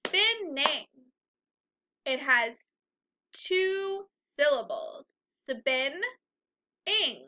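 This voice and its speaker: A woman teaching a first grade phonics lesson, speaking slowly and clearly and clapping out the syllables of words. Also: sits high, pushed and bright, lo-fi sound.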